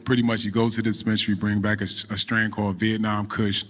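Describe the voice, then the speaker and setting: A middle-aged man, a guest on a podcast, telling a story in a relaxed, animated way and running a business. He falls into casual speech. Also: lowish voice, fast talker, in a large hall. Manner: animated storyteller, acts out quoted voices. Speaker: podcast guest, cannabis entrepreneur.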